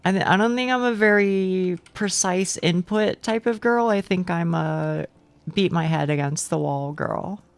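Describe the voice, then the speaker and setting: Young woman streamer, low gravelly fry, talks slow and stammery, dry close mic. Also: no room sound. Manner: self-deprecating, stammering restarts, swears casually. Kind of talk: casual gaming stream chat.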